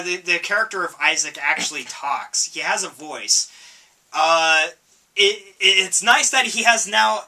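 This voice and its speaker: A man chats through a game review in a loose, stop-start way, stumbling over his words. His voice is bright and a touch high. The mic sits some distance away. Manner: halting, repeats words, frequent coughs and laughs. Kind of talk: casual review chat. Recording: voice from far off the mic.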